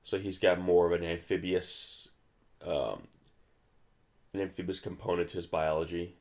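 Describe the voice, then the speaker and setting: A man's voice: sits low, level tone, normal speed, darkish tone. A young man rambling casually while commenting on an old monster movie, with many restarts.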